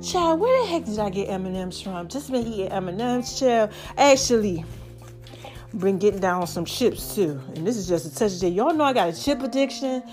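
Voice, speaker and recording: A woman's voice: mid-range voice, brisk, faint music behind. A woman hosting her own podcast in casual, chatty talk, out of breath and sighing between phrases, calling her listeners baby. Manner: lively, chatty, calls listeners baby and y'all. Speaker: podcast host.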